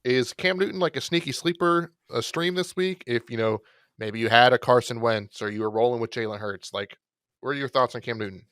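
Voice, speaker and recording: A man co-hosting a podcast, talking through fantasy football picks in a relaxed, rambling way with self-deprecating jokes. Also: mid-range voice, fairly quick, smooth, no room sound, clean studio sound. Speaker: podcast co-host. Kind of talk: casual fantasy football chat.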